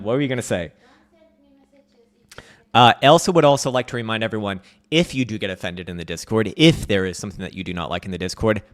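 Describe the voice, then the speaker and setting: Low-voiced man riffing on a livestream. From United States. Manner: profane, joking, laughs often. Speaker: host. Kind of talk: casual livestream market commentary, reading chat. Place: at home.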